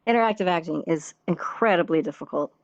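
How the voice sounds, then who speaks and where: A woman performer chatting as a podcast guest. Her voice sits a touch low and comes through slightly muffled, with no room sound at all. She rambles in a friendly way, full of fillers, restarts and easy laughs. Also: quick pace, no room sound. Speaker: podcast guest, theatre performer and dance teacher. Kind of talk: casual podcast interview. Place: virtual reality social world voice chat.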